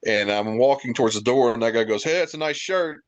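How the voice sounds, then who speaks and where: A man's voice: mid-range voice, fairly quick, no room sound, lo-fi sound. A man from Indiana, a podcast guest, telling rambling, profane anecdotes with wry asides in casual chat.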